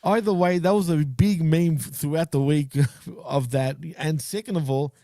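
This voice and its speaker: This man co-hosts a casual wrestling recap podcast, giving blunt, opinionated takes and laughing along. His voice sits on the high side with a dark tone and normal speed, recorded in studio quality with no echo.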